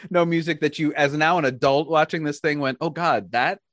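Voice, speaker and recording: An American podcast host in casual chat, animated, laughing often and restarting sentences. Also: medium pitch, fairly quick, dry recording, studio quality. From United States.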